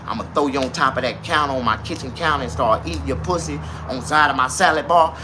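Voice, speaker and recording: A man's voice: mid-range voice, quick pace, over music. A man in his forties telling a crude, rambling comic story who often laughs at his own punchlines. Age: 40s.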